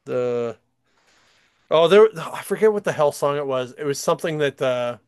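A man with a slightly raised voice tells loose, rambling stories, full of "like" fillers and quick bursts of laughter. He sounds close to the mic in a dry, dead space with almost no room echo. It comes across as a relaxed podcast chat. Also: on the high side, clean tone. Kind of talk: casual chat, storytelling.

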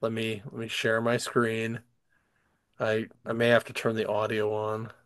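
A man's voice: fairly low pitch, monotone, a little slow, a bit bright, smooth, dry recording, clean studio sound. A man chatting casually and telling stories as a podcast host, rambling with lots of fillers and frequent laughter. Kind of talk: casual chat, storytelling.

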